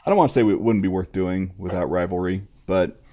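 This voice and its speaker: Low, mellow-voiced reflective podcast host. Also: male voice, steady tone, a little fast. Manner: reflective, musing. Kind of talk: casual podcast interview.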